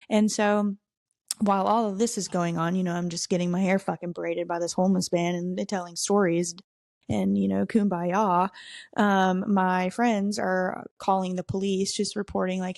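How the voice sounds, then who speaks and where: A young woman from the southern United States hosts a podcast, casually telling a wild personal story in a candid, profane, self-mocking way. Her mid-range voice is darkish, moves little in pitch, and runs at a moderate pace. The recording is dry and studio quality.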